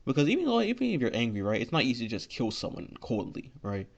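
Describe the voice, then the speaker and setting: A man's voice: mid-range voice, huge pitch swings, fast talker, gravelly. A man improvising a fan story aloud, rambling and filling gaps with "you know" and "like.". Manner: rambling, heavy with 'you know' and 'like'. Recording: dull lo-fi recording.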